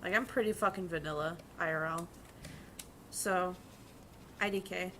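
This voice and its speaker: Young woman streamer, bright forceful tone, casual profane storytelling at her desk mic, faint hiss behind. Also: fairly low pitch, moderate pace. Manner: chatty, profane, storytelling with quoted voices. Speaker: vtuber streamer and bank teller. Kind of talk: casual chat while drawing.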